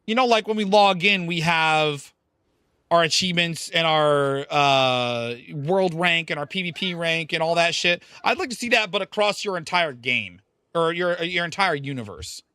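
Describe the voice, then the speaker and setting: A man's voice: fairly high pitch, normal speed, pushed and bright, clean tone, dry recording. A man streaming a game, chatting casually with his viewers in a rambling, profane, hyped way. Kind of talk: casual live-stream chat while gaming.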